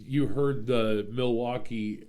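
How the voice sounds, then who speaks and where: A man hosting a podcast, chatting in a relaxed way, often laughing and trailing off with fillers. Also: mid-range voice, slow pace. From Omaha, Nebraska. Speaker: podcast host. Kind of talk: casual podcast chat.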